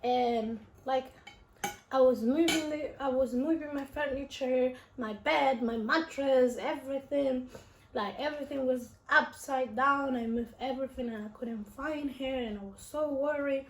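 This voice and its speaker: A woman's voice: high-pitched, a little slow. A young woman vlogger telling a personal story at home in a rambling, emotional way, full of fillers and restarts. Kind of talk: casual storytelling while eating. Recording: roomy room with faint noise.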